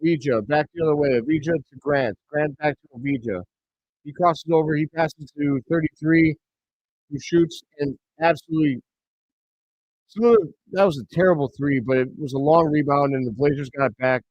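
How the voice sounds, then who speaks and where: Streamer man, fairly high voice, dry dull home mic, excitable play-by-play caller. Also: moderate pace, no echo. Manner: bursts into excited shouts on big plays. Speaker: host of a live reaction stream. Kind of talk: play-by-play commentary.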